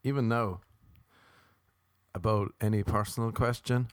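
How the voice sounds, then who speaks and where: A man's voice: on the low side, fairly quick, long pauses, no echo, clean studio sound. Rambling Irish man doing stand-up. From Ireland. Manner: rambling, repetitive, sardonic asides. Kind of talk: stand-up comedy monologue.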